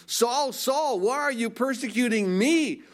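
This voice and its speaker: Divine male voice, stern rebuke, high and pressing; put on by a preacher mid-sermon. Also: unhurried. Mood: rebuking. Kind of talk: acted scripture quote in a sermon.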